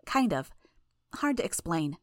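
A woman voicing a sly young female villain who talks quickly and teasingly in a dry recording. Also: on the low side, very animated, no echo. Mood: breezy.

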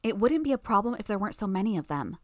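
A woman voicing a menacing teenage boy gang leader who talks in a low, growling, commanding way. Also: big pitch swings, rapid-fire, a little mellow, no echo, studio quality, close to an everyday voice.

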